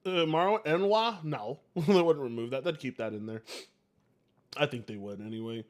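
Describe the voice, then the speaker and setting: A man's voice: medium pitch, moderate pace. A man hosting a live game stream, chatting casually with viewers in a rambling way, swearing and laughing easily. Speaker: livestream host.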